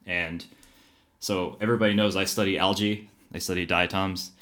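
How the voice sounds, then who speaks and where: A man's voice: sits low, steady tone, moderate pace, a bit bright. A man co-hosting a podcast, chatty and jokey, often hesitating mid-sentence. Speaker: podcast co-host. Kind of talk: casual podcast chat.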